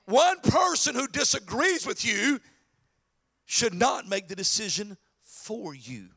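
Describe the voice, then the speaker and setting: A man preaching a sermon to his congregation, swinging between quiet asides and shouted exhortation. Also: high voice, sing-song, slow pace. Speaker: pastor.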